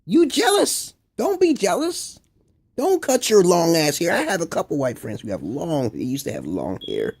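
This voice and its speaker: A man with a gravelly, husky voice rants in a rambling, profane monologue. His pitch swings widely, from low grumbles up to sharp, high exclamations. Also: huge pitch swings, moderate pace. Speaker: video blogger. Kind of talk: casual ranting monologue.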